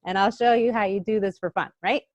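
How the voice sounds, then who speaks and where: A woman's voice: mid-range voice, steady tone, fairly quick, darkish tone, no echo, muffled recording. A woman teaching children in a live online class, cheerful and encouraging, speaking straight to the kids. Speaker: EFT tapping instructor for children. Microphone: video call.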